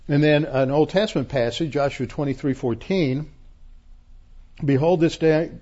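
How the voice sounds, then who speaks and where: A man's voice: on the high side, moderate pace, warm tone, highs cut off. A man from Texas, a pastor teaching the Bible word by word, emphatic and repeating key words, with frequent restarts.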